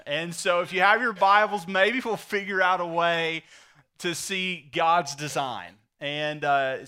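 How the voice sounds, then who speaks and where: A middle-aged preacher with a bright, slightly high voice. He spins folksy stories and drives his points home emphatically. His tone stays forceful and ringing. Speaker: pastor. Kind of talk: sermon.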